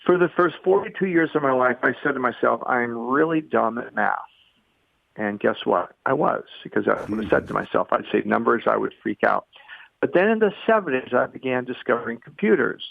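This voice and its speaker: Older male guest speaker, very gravelly, lively storyteller, dry tinny phone line. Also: mid-range voice, fairly quick, dry recording. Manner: lively storyteller, acts out quotes. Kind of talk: podcast interview storytelling.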